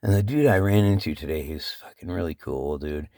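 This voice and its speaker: Crying man with a gravelly voice. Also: lively intonation, fairly quick, dark tone, dry recording, studio quality. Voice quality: voice cracking, breaking into high pitch. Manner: swearing, rambling, heartfelt. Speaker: vlogger. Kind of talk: emotional casual vlog talk.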